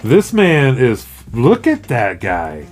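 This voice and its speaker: A man's voice: mid-range voice, huge pitch swings, slow, a little mellow, soft background music. A man co-hosting a podcast, chatting casually and joking, sometimes slipping into a whiny mocking voice. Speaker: podcast co-host. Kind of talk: casual comedic chat.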